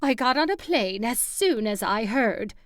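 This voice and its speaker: A woman narrator voicing a breathy, manipulative older mother in an audiobook. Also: fairly high pitch, animated, measured pace, dry recording, clean studio sound. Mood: defensive. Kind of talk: audiobook character voice.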